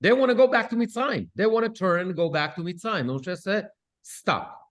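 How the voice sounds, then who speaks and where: Speaking briskly in a high voice, a cantor runs a Bible study class. He reads Hebrew verses, translates them, and peppers the group with lively questions.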